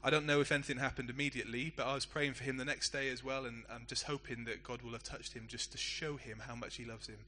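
Pastor, male, middle-aged; bright forward voice; chatty story-led preaching. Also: mid-range voice, steady tone, fast talker, hardly any pauses, a little hiss or hum. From England. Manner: conversational, self-deprecating storytelling. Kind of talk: sermon.

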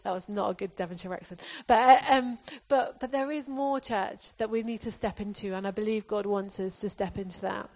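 A woman's voice: medium pitch, brisk, few pauses, darkish tone. A woman preacher from England giving an earnest sermon, often restarting her phrases as she exhorts the congregation.

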